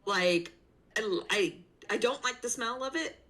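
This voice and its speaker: A woman's voice: a little high, animated, a little slow, a bit bright, low-quality recording. A woman talking casually about her zookeeping work on a stream, chatty with plenty of fillers, over a video call. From not from the city she lives in. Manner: chatty, lots of fillers and likes. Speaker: zookeeper guest.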